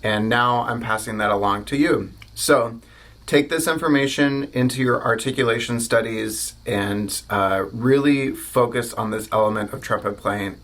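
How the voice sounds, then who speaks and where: A man's voice: medium pitch, fairly bright tone. An American man teaching a trumpet lesson, explaining articulation and saying practice syllables aloud. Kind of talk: instructional video lesson.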